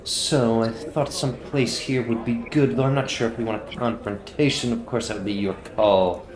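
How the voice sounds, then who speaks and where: A man voicing a gruff male informant in a tabletop game, talking in a rambling, conspiratorial way. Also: mid-range voice, fairly even intonation, moderate pace, crowd noise, close to an everyday voice. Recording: roomy echo.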